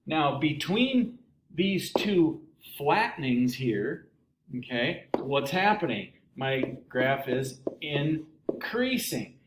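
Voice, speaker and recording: Animated man lecturing in an echoey room. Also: fairly high pitch, very slow. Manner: animated, asks questions and answers them, playful asides. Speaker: math teacher. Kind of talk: recorded classroom lecture. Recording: echoey room with faint ambient noise.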